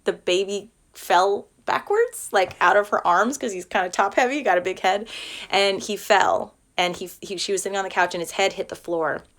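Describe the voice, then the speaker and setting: A woman's voice: medium pitch, normal speed, fairly bright tone. A woman in her thirties hosting a self-help live stream, talking in an earnest, rambling way full of likes and restarts. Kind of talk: casual live-stream talk. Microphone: phone or webcam for a live stream.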